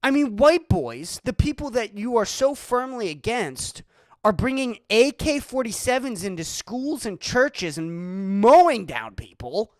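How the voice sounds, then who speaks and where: Podcast host from Massachusetts, swearing and hammering the same points, pitch jumping all over, dry close sound. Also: sing-song, a little slow, dry recording. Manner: profane, emphatic, repetitive ranting. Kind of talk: solo podcast rant.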